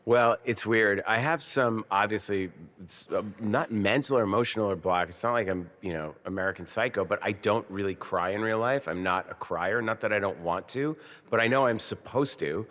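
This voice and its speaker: A man in his fifties, a film director and actor, talking on stage at a live podcast taping and telling lively stories that break into quoted movie lines. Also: fairly low pitch, normal speed. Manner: animated storyteller who bursts into quoted movie lines. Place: on stage at a film festival before an audience. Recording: long hall reverb.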